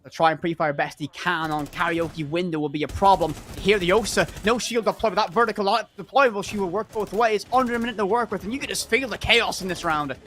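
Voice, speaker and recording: A man with an Irish accent giving energetic live esports commentary, stressing words by repeating them. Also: high-pitched, quick pace, few pauses, a little hiss or hum. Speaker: esports caster.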